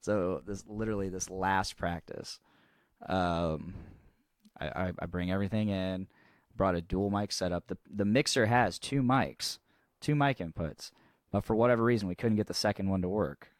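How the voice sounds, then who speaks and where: Podcast co-host, young man, low voice, loose rambling storyteller, swears freely, dry close sound. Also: moderate pace, no echo. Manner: rambling, swears freely, restarts often, laughs at own story. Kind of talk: casual storytelling chat.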